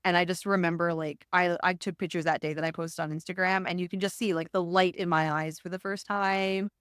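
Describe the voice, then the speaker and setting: A woman guest on a podcast, telling stories in a lively way and acting out what she once said. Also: on the low side, fairly quick, smooth, dry recording, studio quality. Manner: animated storyteller, acts out her own past words. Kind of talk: casual conversation.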